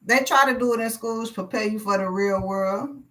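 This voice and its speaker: A woman's voice: fairly high pitch, normal speed, fairly bright tone, poor audio. Woman, live tarot reader; blunt, preachy, swears freely.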